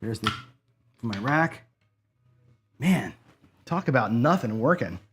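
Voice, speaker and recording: Here the craps stream host talks slowly in a mid-range voice with lively intonation and a fairly bright tone. Slight background noise accompanies his casual commentary as he addresses viewers and swears, frustrated by his losses.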